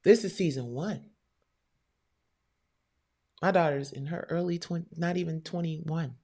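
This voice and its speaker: A middle-aged woman hosting her own show, telling a heated personal story to viewers, animated and profane, with quoted voices. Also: deep voice, measured pace.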